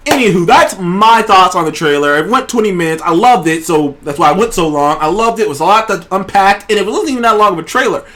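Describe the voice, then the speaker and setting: A man hosting a casual trailer review show, talking in an excited, rambling way and swearing freely. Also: high voice, quick pace, hardly any pauses. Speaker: show host.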